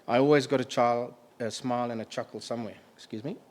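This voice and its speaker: A middle-aged man delivering a memorial eulogy for a family member, halting and emotional, pausing to clear his throat. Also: medium pitch, steady tone.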